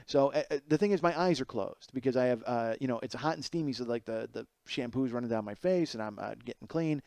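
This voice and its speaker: A man in his forties telling a comic story alone as a podcast host, animated and self-mocking, with plenty of swearing, going from loud outbursts to low mutters. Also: fast, dry recording. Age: 40s. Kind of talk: solo comedic storytelling.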